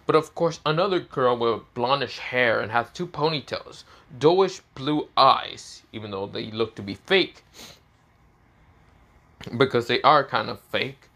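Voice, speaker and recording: A man's voice: mid-range voice, animated, a little slow, pushed and bright. Rambling man narrating with a sore throat. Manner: rambling, full of fillers like "this is where, well". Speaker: fan story narrator. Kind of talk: improvised storytelling.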